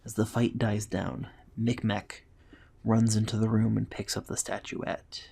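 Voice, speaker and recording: A man's voice: on the low side, little pitch movement, unhurried, vocal fry, a little mellow, slightly rough. A man steadily narrating a fantasy adventure story as its storyteller.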